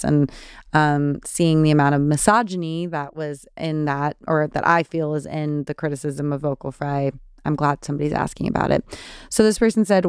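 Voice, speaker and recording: A woman in her thirties with a Californian accent and vocal fry, chatting casually as a podcast host answering listener questions. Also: low-pitched, steady tone, normal speed, no echo, studio quality. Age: 30s. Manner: chatty, many fillers and restarts. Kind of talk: casual solo Q&A.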